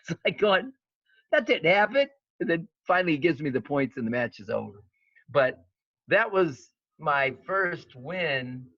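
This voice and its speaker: A man in his fifties, a wrestling coach, telling stories in an interview, animated and full of fillers and restarts. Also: mid-range voice, no room sound. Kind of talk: storytelling interview. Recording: dull lo-fi sound, dry.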